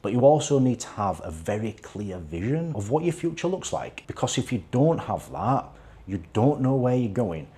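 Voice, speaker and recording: A man's voice: mid-range voice, very animated, moderate pace, mellow. A man speaking as a fitness and life coach in a motivational vlog, earnest and repetitive in his urging. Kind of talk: motivational talking-to-camera vlog.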